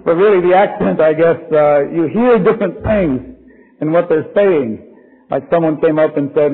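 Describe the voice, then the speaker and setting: Hoarse preacher man in a tinny echoing hall. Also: fairly high pitch. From California. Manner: folksy joking, then slow emphatic preaching. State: hoarse with laryngitis. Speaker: guest preacher. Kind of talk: sermon to a live congregation. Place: church hall with live audience. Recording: tinny phone-like old recording in a reverberant hall.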